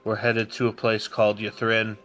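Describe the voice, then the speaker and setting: A man voicing an earnest adult male adventurer who speaks low, quiet and solemn while recruiting a newcomer. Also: monotone, normal speed, soft background music, close to an everyday voice.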